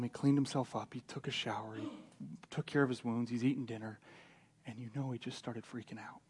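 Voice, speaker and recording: A male pastor preaching a sermon, telling the story with lively character voices and swings from loud to hushed. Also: mid-range voice, husky.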